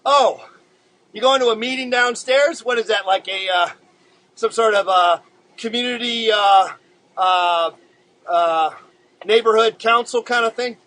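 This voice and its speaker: A man's high-pitched, sharp-toned voice comes through poor audio as he hosts a relaxed live drawing show. He chats with viewers in a rambling way, stumbling over many filler words.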